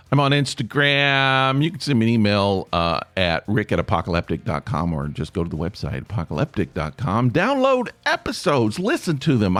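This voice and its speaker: A man's voice: mid-range voice, fairly bright tone, dry recording. A man from East Tennessee with an East Tennessee accent, hosting a solo podcast in a rambling, self-deprecating way and asking listeners for feedback. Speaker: podcast host.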